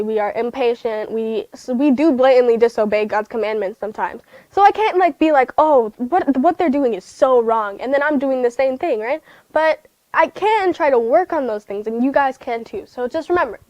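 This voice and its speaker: A woman's voice: sits high, darkish tone, no room sound, poor audio. A woman giving a casual livestreamed Bible lesson to children, chatty and rambling, with lots of fillers and self-corrections.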